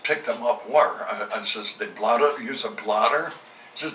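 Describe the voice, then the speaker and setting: A man's voice: mid-range voice, moderate pace, pushed and bright, slight background noise. An older man, a former fighter pilot, recounting his wartime memories in a blunt, salty way, acting out both sides of old conversations. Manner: blunt, salty storytelling with reported dialogue. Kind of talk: recorded war reminiscence. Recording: roomy, dull home tape recording from a distance.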